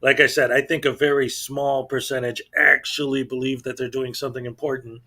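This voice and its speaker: A man hosts his own channel and talks in an exasperated, casual commentary style. He often trips over his words, repeating them and starting sentences over. His voice sits at an ordinary middle pitch. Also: little pitch movement, fairly quick, pushed and bright. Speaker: channel host.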